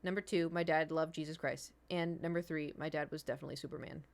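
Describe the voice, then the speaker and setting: A woman's voice: low voice, fairly even intonation, quick pace. A young adult woman streaming, chatting casually with her viewers, rambling and laughing often.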